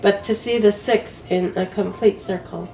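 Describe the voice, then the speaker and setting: A woman's voice: medium pitch, fairly even intonation, normal speed, gravelly, warm tone, roomy sound, distant mic, faint music behind, poor audio. A woman who is sick with a cold, telling a casual story about her travels as an interview guest, laughing often.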